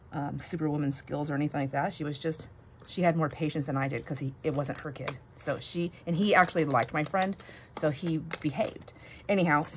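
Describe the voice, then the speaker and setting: A middle-aged woman who hosts a crafting channel chats casually while stamping, rambling through family stories and interrupting herself. Her voice is low-pitched, with a little hiss or hum in the recording.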